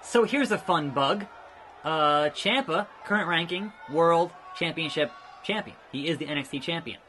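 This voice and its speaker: A man hosting a let's play, giving excitable, jokey wrestling play-by-play with sudden shouts. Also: fairly high pitch, normal speed, a little hiss or hum. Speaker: host.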